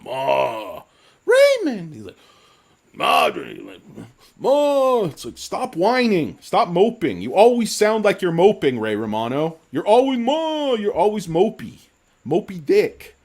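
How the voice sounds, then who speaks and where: A man's voice: medium pitch, darkish tone. Tipsy, rambling male livestream host. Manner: rambling, jokey, reads chat aloud. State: tipsy from drinking. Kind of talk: casual livestream chat.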